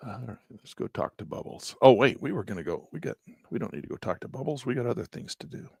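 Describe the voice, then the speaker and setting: Fast and animated, a trading instructor with a mid-range, gravelly, mellow and husky voice leads a casual live trading lesson. He thinks aloud while clicking through charts and chats with his viewers. It's a clean studio recording without echo.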